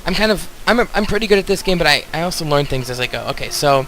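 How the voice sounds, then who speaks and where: Bright-voiced chatty male gamer. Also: a little high, lively intonation, very fast, slight background noise, poor audio. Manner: chatty, rambling, talks straight to viewers. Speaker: let's play host. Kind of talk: casual game commentary.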